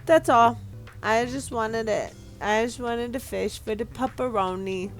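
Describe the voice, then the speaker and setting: A woman hosting a casual gameplay video, chatting and reading game text aloud with sudden excited outbursts. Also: fairly high pitch, unhurried, soft background music. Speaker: gaming video host.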